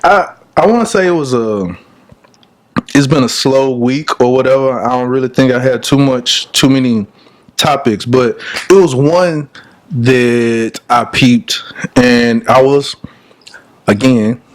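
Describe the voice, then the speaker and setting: A man co-hosting a podcast in casual chat, animated and teasing, laughing often. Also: medium pitch, slow pace. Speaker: podcast co-host.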